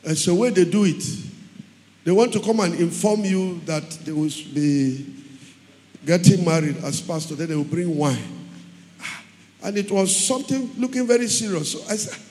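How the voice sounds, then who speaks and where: Man, pastor, emphatic preacher, high voice, long church-hall reverb. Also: moderate pace, warm tone. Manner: emphatic, repeats phrases, tells stories. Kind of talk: sermon.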